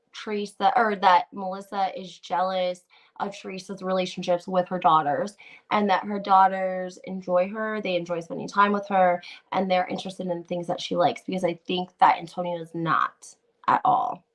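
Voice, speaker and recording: A woman hosts a casual gossip livestream and reads out viewer comments as she goes. Her talk is animated and opinionated, with plenty of "like"s and restarts. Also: fairly low pitch, normal speed.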